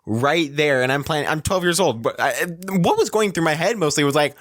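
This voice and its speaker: A young man co-hosting a podcast, talking casually in a soft-spoken, self-deprecating way and laughing often. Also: fairly high pitch, expressive, brisk, no room sound, clean studio sound. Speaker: podcast co-host. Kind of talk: casual chat.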